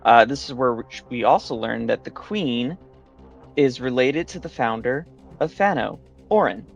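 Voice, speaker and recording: A man's voice: mid-range voice, lively intonation, normal speed, vocal fry, highs cut off, faint music behind. A man casually recapping the last session of a tabletop game, rambling with many fillers and restarts.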